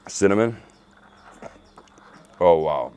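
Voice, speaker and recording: A man's voice: sits low, expressive, slow pace, warm tone, clear, resonant tone. A man hosting a food tour, talking in an enthusiastic, exclaiming way on a restaurant terrace. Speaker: food vlogger host. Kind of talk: casual food tour chat.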